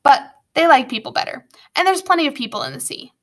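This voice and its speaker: A woman's voice: high voice, lively intonation, fast, voice pushed up. Woman voicing a gloomy, know-it-all orphan boy.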